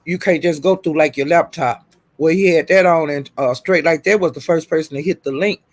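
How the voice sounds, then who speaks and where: A man's voice: fairly high pitch, a little fast, dry recording. A man livestreaming, telling gossip in a casual chatty way, laughing often and calling out "child" and "honey".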